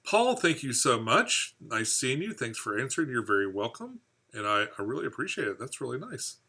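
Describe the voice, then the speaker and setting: Speaking at a brisk clip, this man has a medium-pitched, sing-song delivery with a sharp, slightly rough tone. He hosts a live fishkeeping stream, chatting loosely, reading out comments from viewers and chuckling at his own jokes.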